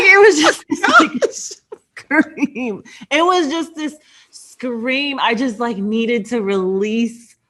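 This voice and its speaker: A woman in her thirties co-hosting a parenting podcast, chatting casually and telling animated stories with acted-out screams and quoted voices. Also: on the high side. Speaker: podcast co-host. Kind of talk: casual chat.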